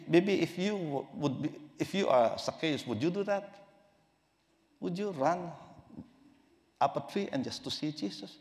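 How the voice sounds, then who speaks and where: High-voiced pastor preaching in a reverberant hall. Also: male voice. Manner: emphatic, repeats key phrases. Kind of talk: sermon.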